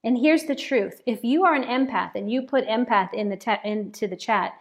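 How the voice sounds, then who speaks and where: A woman pastor preaching a sermon in an animated way, repeating words for emphasis. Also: fairly high pitch, moderate pace. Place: church, speaking to a congregation and online chat.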